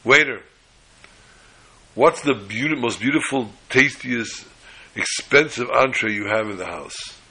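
A man voicing a spiteful grown man who shouts out boastful orders to a waiter. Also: mid-range voice, unhurried, breathy edge, full character voice.

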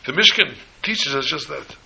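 Gravelly, bright-toned man preaching. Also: moderate pace, poor audio. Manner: animated storytelling, voices the characters with rising pitch. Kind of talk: Torah sermon with a story.

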